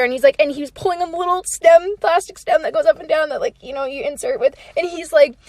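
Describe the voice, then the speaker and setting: A woman's voice: high-pitched, a little fast, few pauses, no room sound. A young woman telling an incredulous story for a social video.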